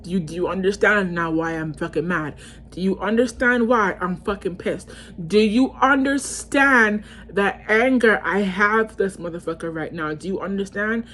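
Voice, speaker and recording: A woman's voice: medium pitch, fairly bright tone. A young woman vlogger telling a storytime, ranting heatedly with lots of cursing and repetition. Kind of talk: storytime rant.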